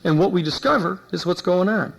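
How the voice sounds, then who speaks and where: Man, university lecture, gravelly voice, somewhat high pitch, animated storyteller, acts out quotes. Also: fairly quick, poor audio. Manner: animated anecdote-telling, acts out quoted speech. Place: lecture hall.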